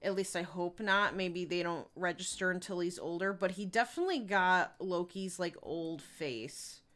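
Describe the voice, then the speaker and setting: Her voice sits on the lower side and sounds a bit bright, moving at a moderate pace. Streaming a life-sim game, this young woman keeps things chatty, reading chat messages out loud amid frequent fillers and giggles as she casually comments on her play.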